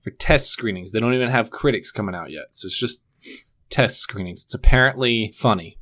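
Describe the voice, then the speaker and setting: A man's voice: lowish voice, fairly quick, fairly bright tone. A man co-hosting a movie review podcast, talking loosely and joking, with lots of fillers. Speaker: podcast co-host. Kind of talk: casual chat.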